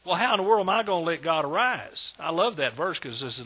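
Emphatic pastor preaching with a husky voice. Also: male voice, high voice, expressive, quick pace, hardly any pauses, bright, forceful tone. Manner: emphatic preaching, repeats words with rising intensity. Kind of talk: sermon.

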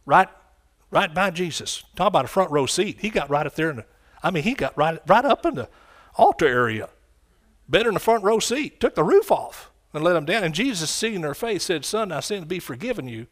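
A man preaching a sermon, swinging from quiet, low lines to loud, shouted ones. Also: very animated, brisk. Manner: impassioned, rising to shouts and dropping low.

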